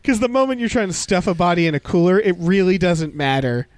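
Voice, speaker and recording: Male film-podcast co-host, raised pitch, dry mic, sardonic banter. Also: a little fast, no echo. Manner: wry, joking, swears freely. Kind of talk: casual film discussion.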